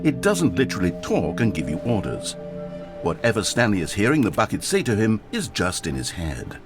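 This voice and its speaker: An actor playing a dry, witty game narrator, telling the story in a wry storybook manner. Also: male voice, lowish voice, wildly swooping pitch, a little fast. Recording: game audio with music underneath.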